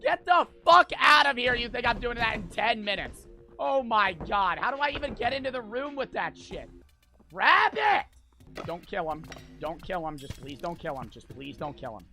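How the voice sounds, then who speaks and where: A young man streaming a surgery game, yelling and swearing in frantic outbursts. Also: high voice, expressive, moderate pace, faint music behind. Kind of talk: live gameplay commentary.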